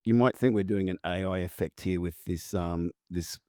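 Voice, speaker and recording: A man's voice: deep voice, normal speed. A man with an Australian accent hosting a casual interview podcast, joking and matey with plenty of fillers. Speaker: podcast host.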